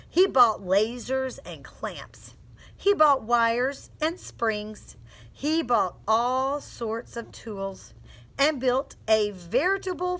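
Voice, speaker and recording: Slow, bright-voiced woman teacher. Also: on the high side. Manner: expressive storytelling with phonics coaching. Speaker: teacher reading aloud. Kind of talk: read-aloud lesson for young children.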